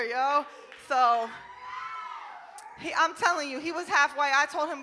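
A woman's voice: high voice, big pitch swings, measured pace, in a large hall. Brash, profane woman comedian on stage. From New Jersey. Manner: brash, profane and loud, laughing at her own jokes. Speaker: stand-up comedian. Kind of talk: stand-up comedy set.

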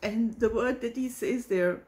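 A woman hosting a reaction video, talking in an emotional, halting way and searching for words. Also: on the high side, darkish tone. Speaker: host reacting to a hymn. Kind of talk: casual reaction vlog.

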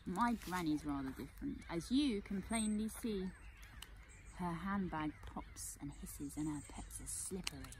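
Slow, lively young woman reading aloud. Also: on the low side, a little hiss or hum. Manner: gentle, expressive storytelling. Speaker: children's story reader. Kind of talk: reading a picture book aloud.

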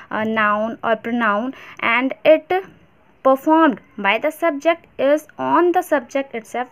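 A woman with an Indian English accent teaching a grammar lesson step by step, pausing often and restarting her sentences. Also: fairly high pitch, a bit bright. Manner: explains step by step, many fillers and restarts.

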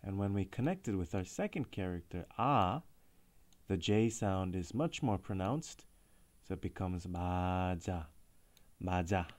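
A man teaching a short language lesson, explaining in an upbeat, clear way and repeating example words. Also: low-pitched, very animated, fairly quick, mellow.

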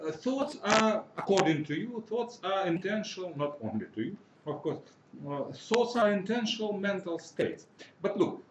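A man interviewing a philosopher, asking halting questions with many hesitations. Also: fairly high pitch. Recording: echoey room, off-mic, faint hiss.

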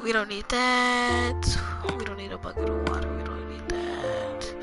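Young woman, gaming commentary; chatty and rambling, low voice with a sore throat, higher-pitched, loud music behind. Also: little pitch movement, measured pace. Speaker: gamer. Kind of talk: casual game walkthrough commentary.

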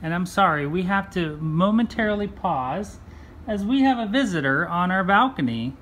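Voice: mid-range voice, animated, normal speed, a bit bright, a little hiss or hum. A cross-stitch vlogger chatting casually and rambling on while stitching.

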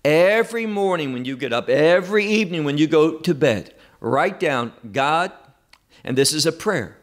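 Emphatic male Bible teacher, lively pitch. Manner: emphatic, measured, repeats key phrases for stress. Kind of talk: Bible study lesson.

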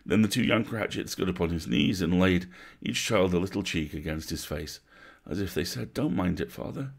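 A man reads a classic tale aloud as a bedtime story, measured and atmospheric. His voice is very low and gravelly, with a husky, breathy grain. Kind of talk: livestreamed bedtime story reading.

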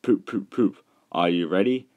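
A man's voice: low voice, moderate pace, highs cut off, slight background noise, natural voice. A man voicing a big, proud and grand male express engine in a storybook reading. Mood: mocking. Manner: grand, chortling. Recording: music behind, poor mic.

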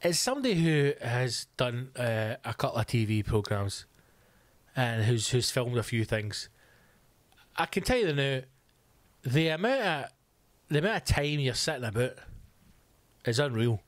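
A man's voice: medium pitch, big pitch swings, measured pace, long pauses, no room sound. A man hosting a podcast, ranting comically with sarcastic swearing asides. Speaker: podcast host. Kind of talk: comic rant. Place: home room.

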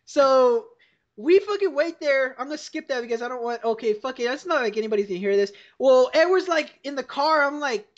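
A woman's voice: sits high, lively intonation, fairly quick. A young woman hosting a podcast, telling a story in a rambling, profane way and laughing along. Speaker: podcast host. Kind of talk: casual storytelling over a call. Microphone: computer call mic. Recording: dull lo-fi call audio.

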